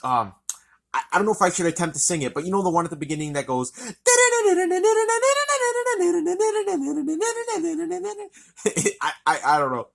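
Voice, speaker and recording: A man's voice: a little high, racing, a bit bright. A man reviewing an album in a casual, rambling, enthusiastic way, swearing often.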